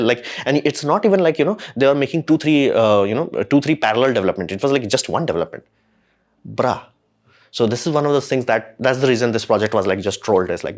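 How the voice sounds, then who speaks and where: A man hosting a casual commentary, talking in a rambling, slangy, exasperated way with frequent animated outbursts. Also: medium pitch, fast. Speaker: host.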